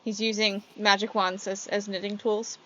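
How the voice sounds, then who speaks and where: A woman's voice: mid-range voice, little pitch movement, moderate pace, a bit bright, muffled recording, slight background noise. A woman running a tabletop role-playing game as game master, narrating scenes and laughing often. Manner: laughs often, voices characters.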